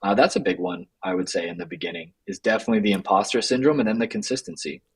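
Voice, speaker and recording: Male guest, husky low voice, loose casual talk full of fillers. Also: lively intonation, fast talker, low-quality recording. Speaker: guest, writer and co-founder. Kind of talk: interview conversation.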